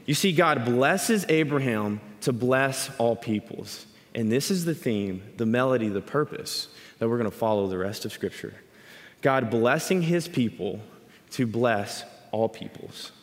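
A man giving a sermon, explaining scripture and telling a story in an animated way. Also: medium pitch. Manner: animated storytelling, acts out quoted voices. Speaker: speaker teaching scripture. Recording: long hall reverb.

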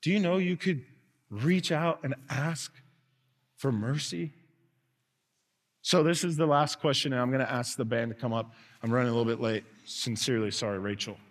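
A man preaching a sermon as pastor, earnest, dropping to soft tones and rising to loud calls. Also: mid-range voice, normal speed. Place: church sanctuary. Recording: long reverb of a large hall.

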